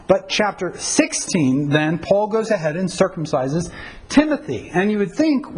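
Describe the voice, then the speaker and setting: Middle-aged pastor guy teaching, kinda high voice, chatty and wry, keeps correcting himself. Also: sing-song, unhurried, husky, poor audio. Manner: conversational, self-correcting, uses anecdotes and wry humor. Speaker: pastor teaching on Bible translation. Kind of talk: informal teaching talk.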